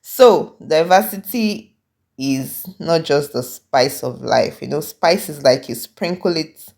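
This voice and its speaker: Upbeat host woman, deep voice. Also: slow, gravelly, darkish tone. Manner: enthusiastic, repeats "I mean". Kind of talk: upbeat wrap-up to viewers.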